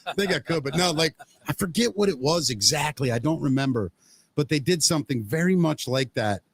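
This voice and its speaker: A man's voice: fairly high pitch, a little fast, husky, no echo. A man co-hosting a casual podcast, telling a long story and acting out the people in it. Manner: animated storyteller acting out quoted voices. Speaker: podcast co-host. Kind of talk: casual chat.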